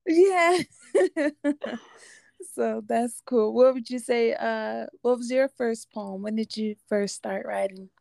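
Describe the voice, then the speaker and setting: Slow, gravelly-voiced woman host. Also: fairly high pitch, darkish tone, no echo, clean studio sound. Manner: encouraging, affirming listener. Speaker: podcast host. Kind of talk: casual interview chat.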